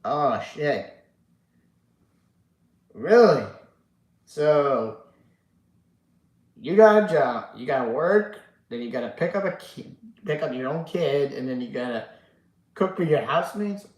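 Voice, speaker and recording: A man's voice: fairly high pitch, lively intonation, slow pace, long pauses, roomy sound, poor audio. A sleepy man hosting a casual live stream, reading chat aloud and rambling with lots of fillers and casual swearing. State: sleepy, yawning. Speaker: livestream host reading chat.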